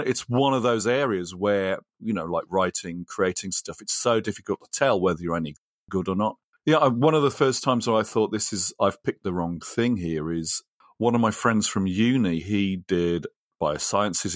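Man, podcast co-host, casual rambling chat, lowish voice, dry close mic. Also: dry recording. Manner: rambling, chatty, laughs often.

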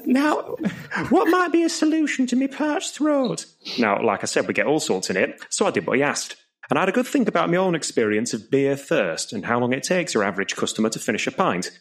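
A man performs a stand-up comedy routine as compere. His voice moves up and down a great deal as he builds long, rambling jokes. He sits at a middle pitch and delivers everything as a story. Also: fast. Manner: lively storytelling with put-on voices for characters.

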